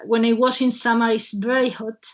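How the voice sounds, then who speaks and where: A woman hosting an online webinar in a casual way. She talks haltingly, with many fillers and restarts, and laughs often between phrases, over a video call. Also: on the high side, little pitch movement. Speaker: webinar host.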